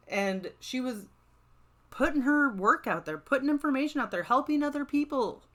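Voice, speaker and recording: A woman's voice: fairly high pitch, a bit bright. Chatty, encouraging woman podcast host. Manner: upbeat, encouraging, chatty with frequent "right?" and "like". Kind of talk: motivational solo podcast talk.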